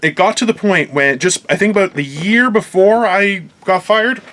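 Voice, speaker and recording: A man co-hosting a casual talk show, ranting in an animated, self-mocking way. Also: sits high, normal speed. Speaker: co-host. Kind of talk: casual chat.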